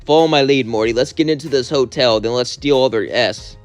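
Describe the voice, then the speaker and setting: A man's voice: medium pitch, brisk, soft background music, lightly acted. A man voicing a cranky, dismissive old genius scientist grandfather in a fan-told story. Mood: scheming. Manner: burps, brushes others off.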